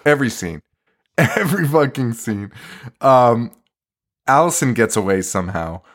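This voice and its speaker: A man's voice: mid-range voice, measured pace. A man co-hosting a podcast, recapping a horror film in casual chat, swearing and laughing often. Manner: profane, laughing, animated retelling. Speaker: podcast co-host. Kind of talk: casual movie review chat.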